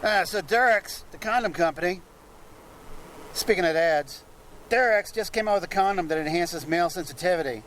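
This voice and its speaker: A man performing stand-up one-liners outdoors on a city street, delivering them deadpan with muttered asides between jokes. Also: high-pitched, normal speed, low-quality recording. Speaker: street comedian. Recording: street recording with loud traffic noise. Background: traffic noise, passing vehicles.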